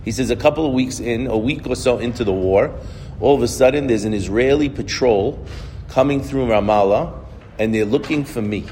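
A man's voice: medium pitch, normal speed, dark tone, a little hiss or hum. Man telling stories in a reverberant hall. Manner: repetitive, conversational storyteller with frequent restarts. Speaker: speaker giving a religious talk. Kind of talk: sermon-like storytelling.

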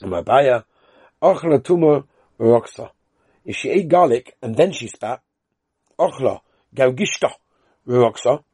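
Yeshivish guy with a yiddish lilt teaching talmud, sing-song chant then quick explaining, bit husky, dry close sound. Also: mid-range voice, animated, dark tone, no room sound. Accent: Yiddish-inflected Yeshivish English. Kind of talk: chanting and translating a Talmud lesson.

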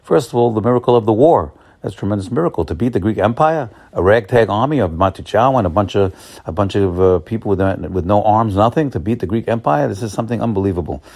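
A man who sounds like a rabbi, giving a holiday sermon. He talks haltingly, with many fillers, then builds to excited, emphatic bursts. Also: on the low side.

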